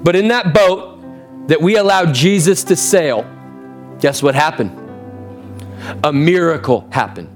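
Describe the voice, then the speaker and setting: A man in his thirties, a pastor preaching a sermon in church, impassioned, with big swings in pitch and pace. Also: expressive, a little slow, long pauses, faint music behind.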